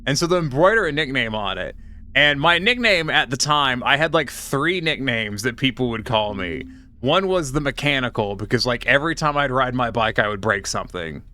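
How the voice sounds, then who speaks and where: A young man streaming a puzzle game, telling a rambling story with casual swearing and deadpan punchlines. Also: mid-range voice, moderate pace. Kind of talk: casual live-stream chat while playing.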